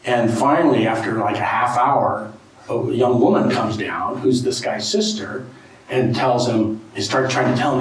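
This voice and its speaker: A middle-aged man, a guest speaker, telling an anecdote to an audience in a casual, animated way, with frequent "you know" and "right?". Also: medium pitch, normal speed. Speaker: guest speaker, tribal art collector. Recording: very echoey room, distant mic, faint ambience.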